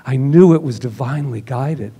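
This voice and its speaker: A man's voice: medium pitch, moderate pace, mellow, husky. Man preaching a chatty, storytelling sermon. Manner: casual and chatty, acts out quoted dialogue. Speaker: minister. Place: church service.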